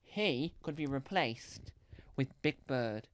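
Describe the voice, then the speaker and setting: Rambling, lively stand-up man. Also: mid-range voice, slow, no room sound. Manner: rambling, full of fillers and restarts, playful. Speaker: stand-up comedian. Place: comedy club stage.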